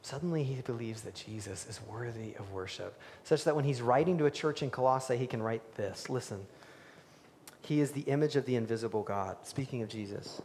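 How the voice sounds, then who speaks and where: A male pastor preaching a sermon, animated, swinging between loud emphasis and hushed, near-whispered lines. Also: mid-range voice, normal speed, gravelly, big-room sound, slight background noise.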